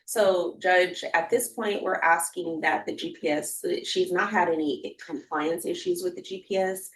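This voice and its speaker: A woman's voice: on the low side, steady tone, measured pace, a little hiss or hum, rough recording. A woman attorney addressing a judge in court, hesitant with frequent fillers. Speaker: defense attorney. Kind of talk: courtroom proceedings.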